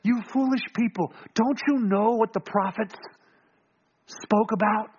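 Jesus, as a preacher puts him on, teasing and high. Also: male voice, measured pace, muffled recording, a little hiss or hum. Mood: gently chiding. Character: Jesus, grown man, playful and teasing.

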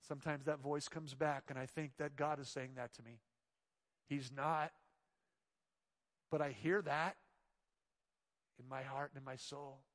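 A man preaching a sermon as pastor, swinging between loud emphatic lines and hushed soft ones. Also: mid-range voice, steady tone, measured pace, pauses often, big-room sound.

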